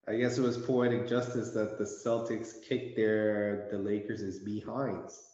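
A man's voice: lowish voice, level tone, unhurried, warm tone. A man co-hosting a casual sports podcast, throwing in wry, teasing quips. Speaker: podcast co-host. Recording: very echoey room, dull lo-fi sound.

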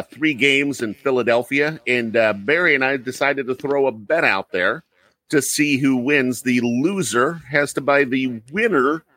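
A man hosts a casual podcast, trading friendly jabs with his co-host. His voice has a bright, forward edge. It sits dry and close, with a mid pitch for a man. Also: no room sound. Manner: friendly, ribbing banter with frequent fillers.

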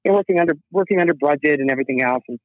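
A man's voice: on the high side, very fast, no echo. Heartfelt musician man on a tinny phone. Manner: rambling, heartfelt, many restarts. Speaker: musician guest. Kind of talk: emotional storytelling interview.

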